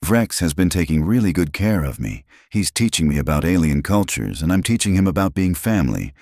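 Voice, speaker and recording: A man's voice: sits low, very animated, fairly quick, darkish tone, dry recording, studio quality, full character voice. A man voicing an eager, earnest little human girl in a storybook narration.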